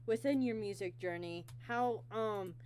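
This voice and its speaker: A woman hosting a casual online interview, talking haltingly with many ums and restarts. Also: medium pitch, a little mellow, a little hiss or hum. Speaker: interview host.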